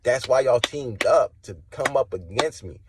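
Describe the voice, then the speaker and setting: A man giving impassioned spoken testimony, preachy and confrontational, swinging from low and quiet to loud and high. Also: lively intonation, unhurried, noisy background. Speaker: religious testimony vlogger.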